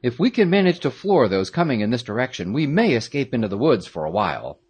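Calm grave young leader read by a man, storybook, measured, slightly husky. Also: medium pitch.

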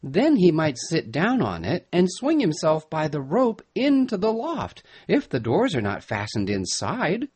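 A man's voice: fairly high pitch, wildly swooping pitch, unhurried, few pauses, darkish tone, slightly rough, pitched above the performer's own voice, heavily acted. A man voicing an earnest young man in a storybook reading, eager and polite. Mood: urgent. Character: earnest, alert young man keeping watch.

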